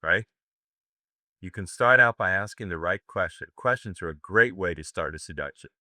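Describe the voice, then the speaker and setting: Brash older American man lecturing, bright voice. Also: sits low, expressive, normal speed, no room sound, clean studio sound. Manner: brash, profane, joking with the audience. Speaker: seminar instructor. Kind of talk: live seminar lecture.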